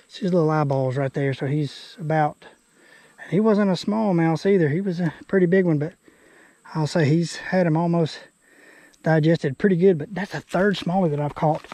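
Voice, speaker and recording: Folksy high-voiced fishing vlogger man. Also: darkish tone. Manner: folksy, talks to the fish. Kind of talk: casual outdoor fishing commentary. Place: outdoors by a creek.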